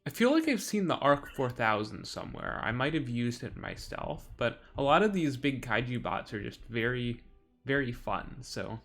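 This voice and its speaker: A man co-hosting a casual livestream, making relaxed, offhand comments. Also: medium pitch, moderate pace. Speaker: stream co-host.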